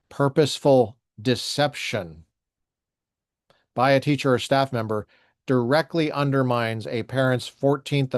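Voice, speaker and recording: A man hosting a solo commentary show, reading a court ruling aloud slowly with short asides and self-corrections. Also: mid-range voice, no room sound, studio quality.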